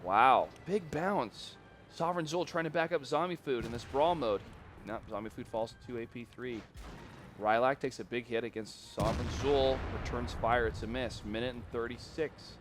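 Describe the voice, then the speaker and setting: A man's voice: medium pitch, steady tone, fairly quick, noisy background. Joking man casting live esports. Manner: jokey, laughs between calls. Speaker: esports caster. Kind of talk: live game commentary.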